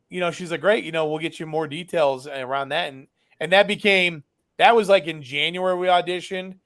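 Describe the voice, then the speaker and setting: A man's voice: a little high, gravelly, fairly bright tone. A man, a business founder and guest, telling a story casually and animatedly, acting out dialogue with lots of fillers.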